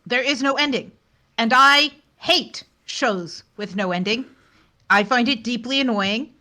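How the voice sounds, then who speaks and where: Bright-voiced opinionated woman. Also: a little high. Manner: brisk, opinionated, short agreeing replies. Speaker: podcast co-host. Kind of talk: casual chat.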